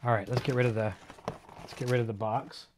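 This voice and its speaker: A man hosting a live online show, chatting casually and excitedly while unboxing, with many fillers and restarts. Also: medium pitch, brisk, background noise. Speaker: host of a live gear show.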